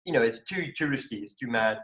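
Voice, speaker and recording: A Scottish man chatting animatedly as a comedian guest on a video call, breaking into high exclamations. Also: animated, quick pace, a bit bright, reverberant. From Scotland. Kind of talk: casual video call chat.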